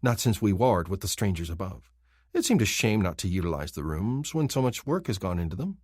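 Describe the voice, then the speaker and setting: A man's voice: low-pitched, very animated, fairly quick, a little mellow, no echo, clean studio sound. A man voicing a creepy male alien exile in a storybook, mocking and sing-song. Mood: sly.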